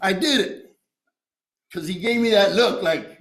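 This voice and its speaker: A man's voice: sits high, unhurried, a bit bright, echoey room, low-quality recording. A man sharing his recovery story at a meeting, streetwise and profane, tossing in "you know" and "right?". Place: meeting room.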